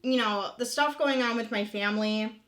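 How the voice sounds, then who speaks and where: Thirtysomething woman vlogging real and raw, kinda high voice, swears a lot, says like constantly. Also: moderate pace, fairly bright tone. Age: 30s. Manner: candid, emotional, swears freely, many "like" fillers. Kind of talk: casual confessional vlog chat.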